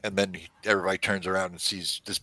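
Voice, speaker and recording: A man narrating a tabletop role-play game as game master, in an animated storytelling manner. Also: sits low, fast, slightly rough, dry recording.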